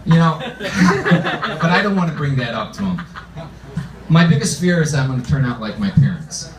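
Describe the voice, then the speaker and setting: A man's voice: fairly high pitch, expressive, normal speed, far from the mic, a crowd in the background. A man doing a stand-up comedy set on a club stage, telling self-deprecating stories in a conversational way. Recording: roomy club sound from off-mic, with a loud audience. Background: audience laughter and shouts.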